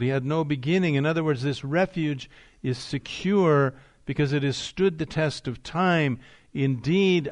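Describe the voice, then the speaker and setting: A man preaching a sermon as pastor, rising in emphasis on key phrases and slowing down to drive points home. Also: on the high side.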